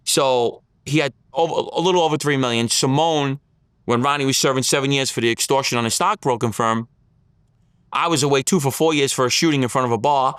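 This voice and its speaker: A man's voice: medium pitch, a little fast, a bit bright, smooth, no echo, studio quality. A man telling his story as an interview guest, in blunt street talk, acting out the lines of others.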